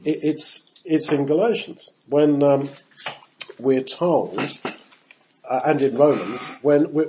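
Heard through poor audio, a preacher with a somewhat high voice gives a conversational Bible teaching. He addresses the people in front of him directly and animatedly acts out the quotations, changing his voice for each.

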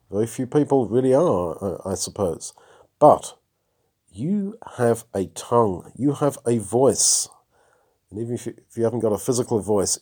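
A man giving a reflective sermon on a Bible passage, rising for emphasis between pauses. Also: medium pitch, dark tone, slightly rough. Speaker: preacher.

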